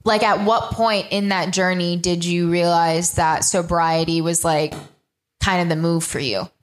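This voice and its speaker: A woman's voice: lowish voice, fairly even intonation, measured pace. A woman hosting a live panel conversation, asking questions and reflecting encouragingly on guests' answers. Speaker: podcast host and panel moderator.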